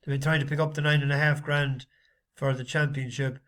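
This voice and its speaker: A man chatting casually in a vlog as a horse racing tipster, rambling with lots of halting fillers. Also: medium pitch, flat delivery, a bit bright.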